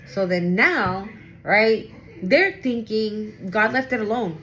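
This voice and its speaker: A woman's voice: medium pitch, expressive, takes it slowly, a bit bright, a little hiss or hum. A woman giving a casual tarot reading to camera, chatty and blunt, swearing freely and talking aloud to spirit as she goes. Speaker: tarot reader.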